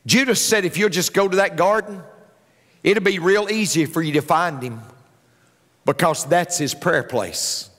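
A man's voice: high-pitched, measured pace, a bit bright, long reverb tail. A male pastor preaching a sermon, emphatic, repeating key lines.

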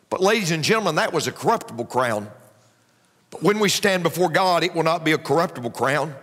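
A man's voice: high-pitched, fairly bright tone. A man preaching a sermon as pastor, driving his points home with emphatic repetition. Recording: long hall reverb.

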